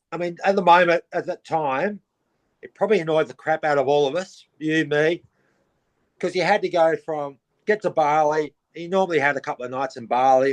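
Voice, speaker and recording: A middle-aged Australian man with a fairly high voice, swapping surf-trip stories in a relaxed chat. He gets animated as he goes and mimics the people in his tales with quick bursts of character voices. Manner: animated, acts out quoted voices in his anecdotes. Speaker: podcast guest. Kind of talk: casual storytelling.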